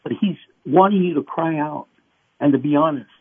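A middle-aged male pastor being interviewed, preaching with animated acted-out voices. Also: fairly high pitch, moderate pace, slightly rough, no echo. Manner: animated, acts out voices and cries. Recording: tinny phone line.

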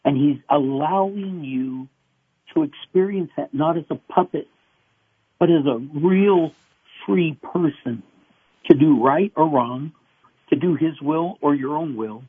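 A middle-aged male pastor being interviewed, preaching with animated acted-out voices. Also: a little high, a little slow, slightly rough, no room sound. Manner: animated, acts out voices and cries. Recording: tinny phone line.

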